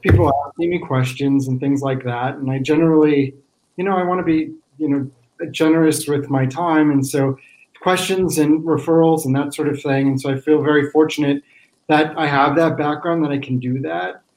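A man, a podcast guest, speaking in a measured, thoughtful way in casual chat. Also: a little high, steady tone, darkish tone, low-quality recording. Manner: measured, thoughtful, with small restarts.

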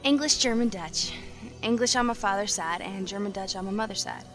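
A woman's voice: mid-range voice, brisk, fairly bright tone, soft background music, natural voice. A young woman playing a polite door-to-door church missionary in an audio drama. She speaks with courtesy and says ma'am often.

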